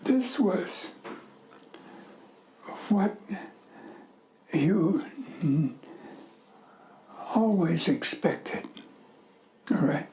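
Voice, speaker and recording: An older man giving a slow, halting interview answer that drops into whispers. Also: a little high, animated, vocal fry, darkish tone, slight background noise, rough recording.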